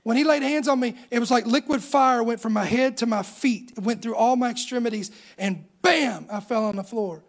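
Casting: middle-aged male pastor, very high-pitched voice, animated storytelling sermon delivery. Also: moderate pace, hardly any pauses. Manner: animated storytelling preacher, voice rising on emphasis.

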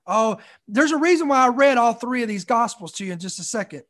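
A man's voice: very high voice, expressive, quick pace, hardly any pauses, a bit bright. A man preaching a sermon, reading scripture aloud and stopping to repeat and stress key lines.

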